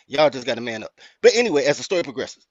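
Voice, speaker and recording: A man with a Chicago accent, hosting a podcast and telling a story in a blunt, profane, animated rant. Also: mid-range voice, very fast, no echo. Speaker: podcast host. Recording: dry, muffled lo-fi audio.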